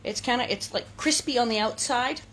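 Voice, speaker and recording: A woman's voice: a little high, a little fast, fairly bright tone. Playful, chatty woman hosting a cooking show. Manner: playful, chatty, sing-song asides. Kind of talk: casual cooking demonstration. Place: kitchen.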